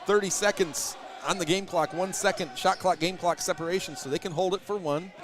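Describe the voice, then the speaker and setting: A man with a somewhat high voice calls a high school basketball game from the stands of a gym. He runs through the plays in quick bursts and raises his voice to a shout when something exciting happens. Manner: rapid play calls, shouts on big plays. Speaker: play-by-play announcer. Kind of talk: live basketball commentary.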